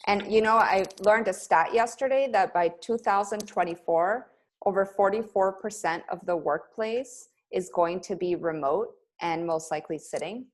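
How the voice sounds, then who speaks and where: A woman's voice: mid-range voice, normal speed. Middle-aged lady on a video call coaching yoga teachers, peppy pep talk, laughs a lot. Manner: upbeat, pep-talk style, laughs often. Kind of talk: energetic coaching webinar.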